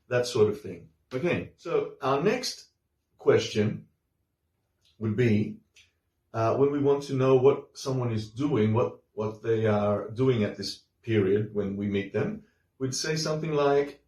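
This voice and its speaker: A man teaching a casual English lesson, explaining slowly with many fillers and restarts and repeating example phrases. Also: medium pitch, lively intonation, darkish tone, reverberant.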